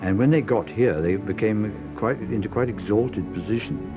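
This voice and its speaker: Deep-voiced, reflective man. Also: music in the background. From Britain. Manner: thoughtful, measured, slightly self-deprecating. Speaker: artist. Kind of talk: reflective interview.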